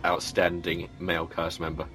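A man's voice: deep voice, monotone, normal speed, a bit bright, faint music behind. A man in casual chat about a TV show, talking thoughtfully with hesitant restarts.

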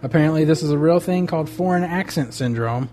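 Wry podcast host man, slightly high. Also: fast, mellow, a little hiss or hum. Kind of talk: casual chat.

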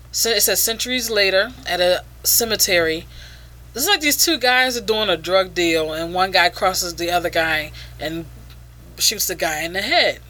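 A woman's voice: lowish voice, bright, forceful tone. A woman casually reviewing a comic book page by page, with a profane and sarcastic way of talking.

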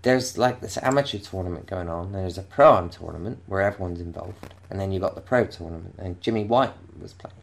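A man's voice: deep voice, a little fast, creaky, few pauses. A man from England telling a rambling anecdote in casual chat, often restarting and laughing. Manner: rambling, self-interrupting, laughing storyteller.

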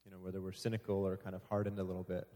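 A man's voice: deep voice, completely flat delivery, rapid-fire, dark tone. A man leading a church sharing time, talking conversationally and joking about himself with frequent laughter. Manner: conversational, self-deprecating, laughs often. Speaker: service leader. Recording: echoey hall.

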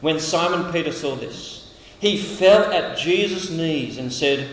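A high-voiced Australian man preaches in a large, echoing hall, his voice carrying a long reverb. He is animated and dramatic, switching into little acted voices for the figures in his passages. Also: takes it slowly, slight background noise. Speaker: camp speaker. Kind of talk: sermon. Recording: echoey hall, heard from a distance.

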